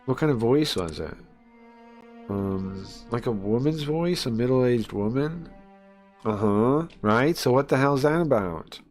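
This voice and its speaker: A man's voice: mid-range voice, animated, measured pace, a little mellow, faint music behind. A man streaming a horror visual novel, reading its lines aloud and chatting casually in between, with plenty of fillers and asides. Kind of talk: live let's-play, reading game text aloud.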